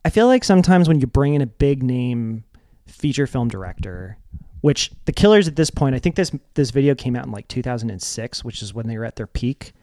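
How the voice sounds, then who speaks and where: A man's voice: mid-range voice, fairly quick, dry recording, clean studio sound. A young man co-hosting a music video countdown in casual, joking chat, laughing often. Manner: lively, jokey, laughs often.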